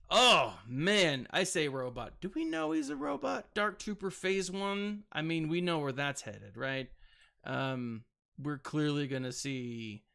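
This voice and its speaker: A man's voice: medium pitch, creaky, pushed and bright. A man in his thirties, a gaming channel host, giving casual, rambling gameplay commentary with self-mocking asides and playful sound effects.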